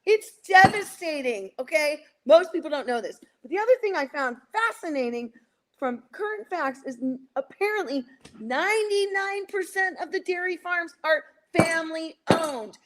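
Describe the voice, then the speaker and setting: A woman's voice: very high-pitched, expressive, moderate pace, a bit bright. A woman in her sixties speaking as a guest on a talk show, emotional and indignant, sometimes acting out quoted voices. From United States. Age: 60s. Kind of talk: impassioned talk-show commentary.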